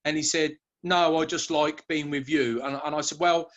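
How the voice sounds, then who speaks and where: A man, a guest telling his story in a relaxed interview, often hesitating with fillers and restarts. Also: a little high, normal speed. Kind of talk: conversational interview.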